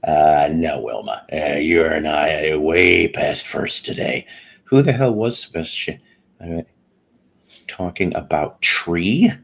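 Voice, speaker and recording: A man's voice: extremely low pitch, expressive, slow, creaky. A man hosting a live stream, chatting loosely and greeting viewers by name in a meandering, chuckling way. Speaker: podcast host. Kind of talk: rambling live-stream chat.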